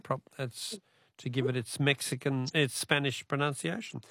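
Gravelly Australian radio quiz host. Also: male voice, mid-range voice, normal speed, fairly bright tone, no echo, clean studio sound. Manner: chatty, friendly, hesitant fillers. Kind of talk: casual radio talkback.

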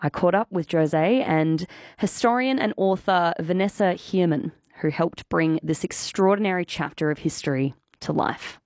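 An Australian woman presenting local radio, her voice breathy and throaty, a little hoarse from recent illness. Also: fairly low pitch, moderate pace, a little mellow, no room sound, clean studio sound. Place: radio studio.

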